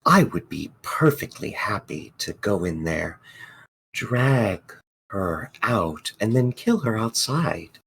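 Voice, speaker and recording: Man, tabletop player, deep, gravelly, calm, measured. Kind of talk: playing a tabletop game in character.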